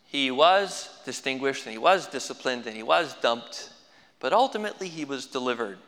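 A man's voice: mid-range voice, expressive, normal speed, a bit bright, big-room sound. A man preaching a sermon as pastor, folksy with dry humorous asides.

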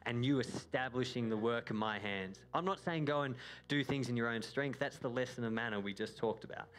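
A man's voice: medium pitch, a bit bright. A man preaching a sermon, earnest and urging, reading scripture and voicing prayers aloud.

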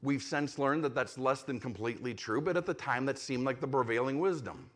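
A man's voice: mid-range voice, a little fast. A male pastor preaching in a conversational way, repeating phrases for emphasis and acting out imagined objections. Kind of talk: sermon.

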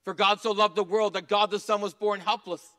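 Bright high-voiced preaching man. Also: level tone, fairly quick. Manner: earnest preaching, rising to emphatic passages and dropping to soft asides. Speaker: pastor. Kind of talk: sermon.

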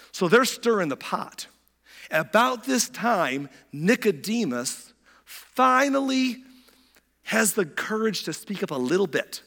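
A man preaching a sermon in a casual, conversational way, a bit hoarse from a recent illness, acting out quoted voices as he goes. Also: on the high side, animated, normal speed, sharp tone. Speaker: pastor. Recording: long hall reverb.

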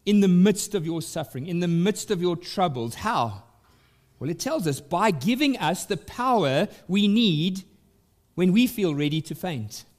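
A male pastor delivers a church sermon in an emphatic, deliberate manner, raising his pitch and volume to press each point.

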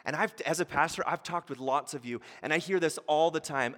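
A man preaches a sermon as pastor, moving between soft conversational asides and loud, animated storytelling. His voice sits a little high. The sound rings with the long reverb of a large hall. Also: a little fast.

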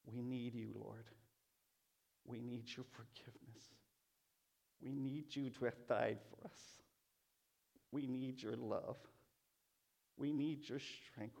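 A male pastor delivers a sermon at an unhurried, deliberate pace. His voice carries a gravelly, creaky edge, and he talks in a prayerful way, stressing his points through repetition. His pitch sits in a middling range for a man. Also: steady tone, darkish tone, muffled recording. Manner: slow, prayerful, repetitive emphasis.

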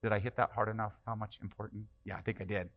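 A man's voice: on the low side, flat delivery, fast talker, muffled recording. Impassioned male pastor preaching. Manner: impassioned, emphatic preaching with rhetorical questions. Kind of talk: sermon.

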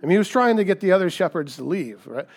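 A man preaching a sermon in a conversational, animated storytelling way, often checking in with "right?". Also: high-pitched, fast. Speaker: pastor.

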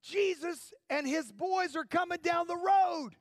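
A preacher playing an excited buddy in the crowd. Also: male voice, extremely high pitch, a little slow, dry recording, clean studio sound.

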